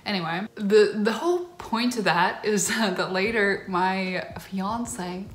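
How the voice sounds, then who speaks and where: A woman's voice: mid-range voice, slow. A young woman vlogger telling a personal story in a casual, gushing way, emotional and near tears, with lots of fillers. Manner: gushing, tearful excitement, filler-heavy. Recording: roomy echo.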